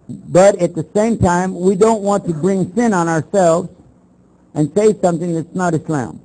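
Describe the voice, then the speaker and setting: High-voiced older preacher, blunt. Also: male voice, poor audio. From Texas. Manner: animated storytelling, acts out both sides of the exchanges; blunt, challenging, rhetorical questions. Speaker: Muslim preacher. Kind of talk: lecture to an audience.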